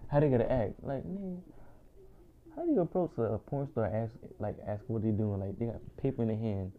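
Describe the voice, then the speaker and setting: A young man in casual chat with a friend, loose and joking, quick to exclaim. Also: mid-range voice, slight background noise. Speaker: friend chatting. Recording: tinny phone-like recording.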